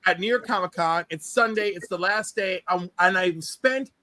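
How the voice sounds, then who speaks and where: Very high, bright-voiced man telling stories. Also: moderate pace, slight background noise. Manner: animated, gushing storyteller. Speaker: host. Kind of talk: casual panel chat.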